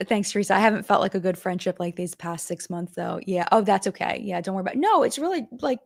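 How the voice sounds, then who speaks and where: A woman's voice: medium pitch, animated, fast, gravelly, dry recording, clean studio sound. A middle-aged woman hosting a live-stream chat, talking casually and emotionally, with many fillers and restarts. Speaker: live-stream commentary host.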